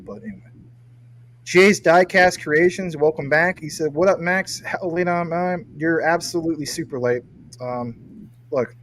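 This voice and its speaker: A man's voice: a little high, a little hiss or hum, poor audio. A man hosting a casual livestream, reading viewer comments and teasing his guest playfully. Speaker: livestream host.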